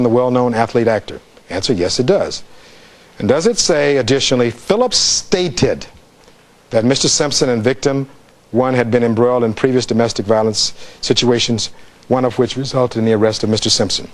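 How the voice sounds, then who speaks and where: A man's voice: medium pitch, expressive, normal speed. Guy lawyer doing closing args to the jury, reads back testimony, asks the jury questions, normal mid voice. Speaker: defense attorney. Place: courtroom.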